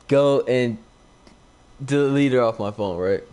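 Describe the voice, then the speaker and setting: This young man's voice is medium-pitched, expressive, and a bit dark, moving slowly with long pauses. A gaming YouTuber, he's live at home mid-game, rambling through a casual story on his new desk mic, saying "like" constantly and voicing the quotes.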